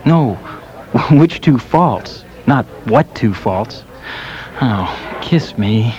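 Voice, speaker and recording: A man's voice: mid-range voice, sing-song, a little mellow. A man playing a smitten, melodramatic lover on a date in a radio comedy sketch. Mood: crooning. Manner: slow, crooning, melodramatic. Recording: lo-fi radio recording.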